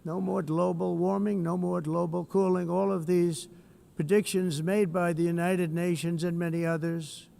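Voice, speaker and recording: A man delivers a head-of-state address with a combative, boastful edge, his voice pitched a little high for a man. He keeps breaking away from the script into rambling asides and hammers his points home by repeating them. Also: creaky, darkish tone. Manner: digressive, slips from script into off-the-cuff remarks. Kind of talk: formal political speech with ad-libbed asides.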